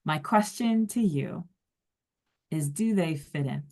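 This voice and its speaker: A woman with a somewhat low voice leads a workplace workshop. Her tone is conversational, and she keeps putting questions to the participants. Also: animated, takes it slowly, darkish tone. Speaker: workshop facilitator. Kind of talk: workshop lecture.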